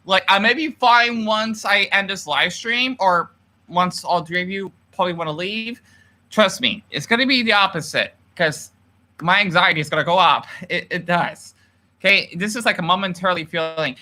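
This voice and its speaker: Bright-voiced man ranting on a livestream. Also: high-pitched, moderate pace. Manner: emotional and ranting, swears often. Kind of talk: livestream rant, reading viewer comments.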